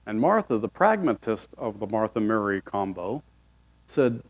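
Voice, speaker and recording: A man's voice: on the low side, lively intonation, moderate pace. A male pastor giving a sermon with folksy, humorous storytelling.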